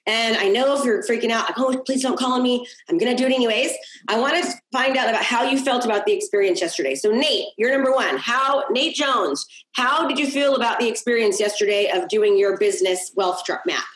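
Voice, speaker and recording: A woman's voice: on the high side, expressive, brisk, a bit bright, roomy sound, low-quality recording. A woman coaching a group on a video call, upbeat and encouraging, repeating key points and checking in with "okay?". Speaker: business coach.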